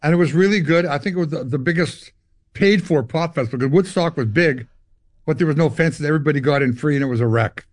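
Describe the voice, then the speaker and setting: A man's voice: on the high side, fast talker, dry recording. An older Canadian man, a musician guest in an interview, telling long stories and acting out voices and guitar sounds. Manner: animated storyteller, acts out dialogue and guitar sounds. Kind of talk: storytelling interview.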